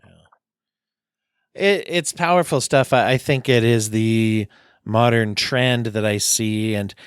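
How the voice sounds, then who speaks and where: A man's voice: mid-range voice, clean tone, no echo, clean studio sound. Chatty man hosting a podcast. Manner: chatty, halting restarts, laughs often. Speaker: podcast host. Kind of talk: casual interview chat.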